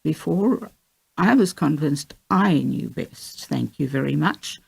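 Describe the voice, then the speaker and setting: A woman's voice: low voice, expressive, takes it slowly, gravelly, husky, full character voice. A woman reading as a teary, faithful young woman. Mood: reflective. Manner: teary, heartfelt. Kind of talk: audiobook reading of a memoir.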